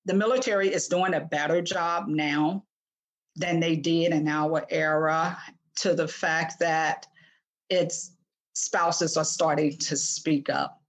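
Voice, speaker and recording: A woman's voice: low-pitched, fairly even intonation, takes it slowly. A woman in her sixties, a guest author speaking earnestly in an interview, often restarting her sentences. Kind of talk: podcast interview.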